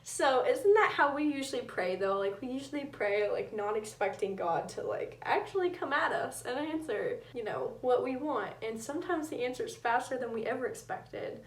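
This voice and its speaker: A woman's voice: a little high, expressive, moderate pace, few pauses, far from the mic. A young woman hosting a casual Bible study, reading scripture and retelling it in slang. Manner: chatty, reads scripture aloud then retells it in slang. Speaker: host. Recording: roomy, away from the mic.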